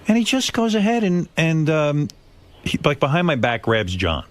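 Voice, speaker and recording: A middle-aged radio host telling a grievance story in a blunt, profane and animated way. His voice is a bit high and rises and falls sharply. He talks into a studio microphone in casual chat. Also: normal speed.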